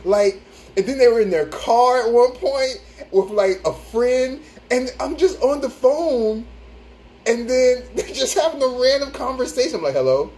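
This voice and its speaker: A man's voice: extremely high pitch, a little slow. A man hosting a casual livestream on his phone, telling stories animatedly, laughing often and greeting viewers. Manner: laughs often while talking, animated storytelling; reads out and greets viewer comments. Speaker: livestream host.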